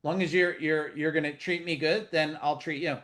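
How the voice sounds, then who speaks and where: Joking, cursing, and speaking bluntly, a middle-aged man coaches business owners casually in a live webinar held over video call. He addresses them straight on in a fairly high voice, animated and loose, at a normal speed.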